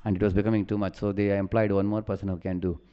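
A man's voice: lowish voice, level tone, racing, dark tone, clean tone. A man giving a sermon as a spiritual teacher, telling stories in a conversational way with frequent "huh?" and "you know" asides. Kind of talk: sermon with storytelling. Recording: dull lo-fi recording.

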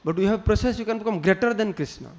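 High-voiced man giving a sermon. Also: quick pace. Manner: storytelling with acted quotes, non-native English phrasing. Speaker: spiritual teacher.

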